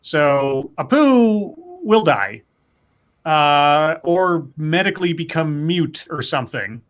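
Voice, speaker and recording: A man's voice: a little high, expressive, slow, fairly bright tone. A man co-hosting a podcast, reading out news stories and quotes with frequent fillers and casual commentary.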